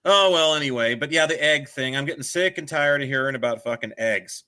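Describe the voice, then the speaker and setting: Middle-aged male podcast co-host, bright tone, profane and sarcastic ranter. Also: medium pitch, fairly quick. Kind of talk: casual chat.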